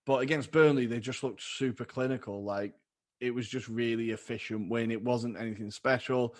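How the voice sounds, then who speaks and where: A man's voice: mid-range voice, steady tone, normal speed. A man co-hosting a podcast, chatting casually and upbeat about football and laughing easily. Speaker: podcast co-host.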